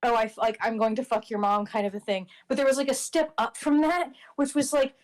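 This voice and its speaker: Rambling woman with a fairly high voice. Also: fairly even intonation, a little fast, darkish tone, rough recording. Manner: rambling, hesitant, with many fillers and laughs. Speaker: guest on a stream. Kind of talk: casual chat over a voice call.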